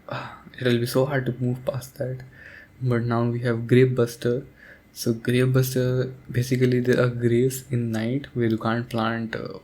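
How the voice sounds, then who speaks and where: A young man rambling sleepily about a game as a sleep aid, soft-spoken and hesitant, with many pauses and fillers. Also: medium pitch. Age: young adult. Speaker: audio creator.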